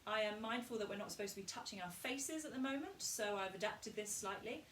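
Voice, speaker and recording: A woman coaching a group through a vocal warm-up, calm and instructive as she models each exercise. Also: medium pitch, a little fast, a little hiss or hum. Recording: echoey room, distant mic.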